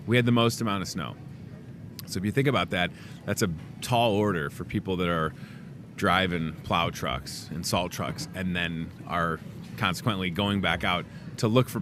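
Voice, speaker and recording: Chatty, joking male store-show host. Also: a little hiss or hum. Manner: chatty, joking asides, lively swings in pitch. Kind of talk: casual promo chat. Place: grocery store.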